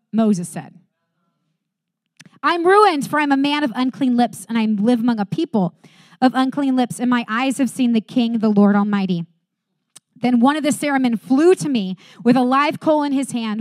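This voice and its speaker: A woman giving a sermon, reading scripture aloud and preaching earnestly, rising bright at times and dropping to soft quiet emphasis. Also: fairly high pitch, no echo, studio quality.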